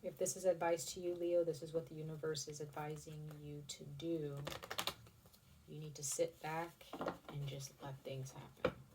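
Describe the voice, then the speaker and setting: A woman with a notably low voice gives a casual, chatty tarot reading. She rambles, restarts and swears casually. Her voice sits a little distant from the mic. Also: little pitch movement, moderate pace, heavy background noise. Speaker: tarot reader.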